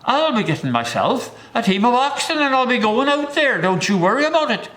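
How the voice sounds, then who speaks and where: A man voicing a stubborn Irish pioneer father with a thick Irish accent, loud and hearty. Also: extremely high pitch, very animated, brisk, roomy sound, voice pushed up, heavily acted. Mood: defiant. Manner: loud, hearty, pushing ahead.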